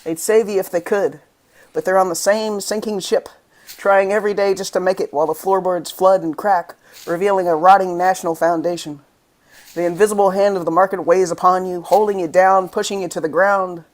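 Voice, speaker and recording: A guest poet from the United States, a spoken word artist, reads verse in a rhythmic, impassioned voice at mid pitch. The brisk delivery keeps rising into angry emphasis, though the intonation stays fairly even.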